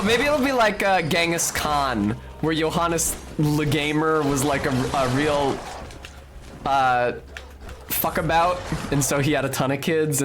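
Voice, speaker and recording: A man streaming a video game, chatting casually with viewers in a rambling, joking, profane way. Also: fairly high pitch. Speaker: game streamer talking to chat. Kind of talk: casual live-stream chatter while playing.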